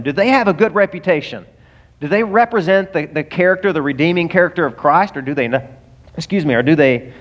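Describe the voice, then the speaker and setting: A male pastor telling a personal story in a sermon, acting out both sides of a phone call in an animated way. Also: on the high side. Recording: long hall reverb.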